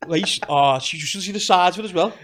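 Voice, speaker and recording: A man spins a crude anecdote in casual podcast chat. His voice sits a little high, and he swears and laughs easily as he rambles. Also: fast, fairly bright tone. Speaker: podcast guest.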